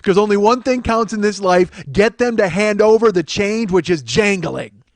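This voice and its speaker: A man's voice: high voice, normal speed, pitched above the performer's own voice. A man putting on a brash, profane male sales boss who lectures and barks orders at a beggar. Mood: bullying. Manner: barking, bullying, profane pep-talk.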